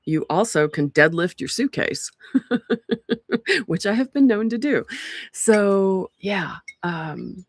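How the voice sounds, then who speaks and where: A woman's voice: low-pitched, dry recording, studio quality. A woman hosting a community livestream from an outdoor porch, talking casually into a laptop mic with lots of ums and restarts. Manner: chatty, rambling, frequent ums and restarts. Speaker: community group host. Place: outdoor porch among pines. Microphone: laptop microphone.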